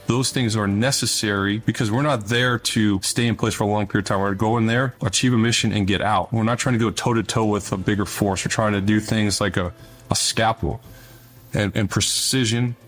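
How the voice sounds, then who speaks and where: A man's voice: fairly low pitch, steady tone, moderate pace, a bit bright. A middle-aged man, a former Navy officer, speaking as an interview guest, telling stories in an earnest, conversational way that often repeats words as he starts a thought. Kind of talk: interview storytelling.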